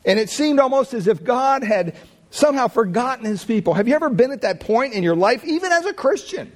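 High-voiced preacher asking the crowd questions. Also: male voice, a little fast. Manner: rhetorical questions, lively preaching with wide pitch swings. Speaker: pastor. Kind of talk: sermon.

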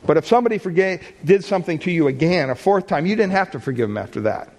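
A man's voice: fairly high pitch, lively intonation, fast talker, a little mellow. Conversational man preaching a sermon. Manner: conversational, asks the listeners questions. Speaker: pastor.

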